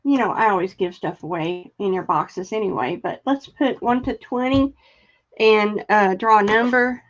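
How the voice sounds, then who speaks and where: A woman's voice: mid-range voice, normal speed. An older woman casually chatting on a live stream, greeting viewers by name and trailing off as she searches for things. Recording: dull lo-fi stream audio.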